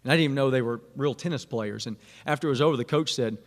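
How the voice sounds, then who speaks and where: A man's voice: medium pitch, very fast. Man, thirties, rambling self-deprecating storyteller, long reverb hall. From Arkansas. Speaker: speaker at a Catholic student event. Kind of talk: casual personal testimony to students.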